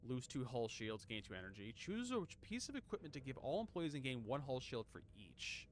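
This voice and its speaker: A man's voice: medium pitch, very animated, brisk, slight background noise. A man streaming a game, chatting casually, reading game text aloud and laughing often. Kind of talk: casual gameplay commentary.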